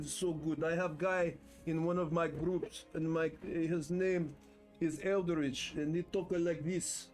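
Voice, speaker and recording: A man's voice: on the high side, fairly even intonation, slow, darkish tone, faint music behind. A man streaming live, chatting playfully to himself and to viewers as he builds game terrain, boasting in fun. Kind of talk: casual live-stream chat while building. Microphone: desk mic with headphones.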